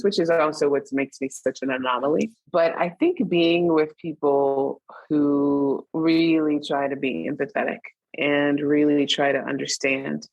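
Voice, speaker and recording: Husky-voiced woman, reflective guest. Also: low voice, no room sound, low-quality recording. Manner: reflective, animated when retelling stories. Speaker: interview guest, magazine editor. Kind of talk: conversational interview.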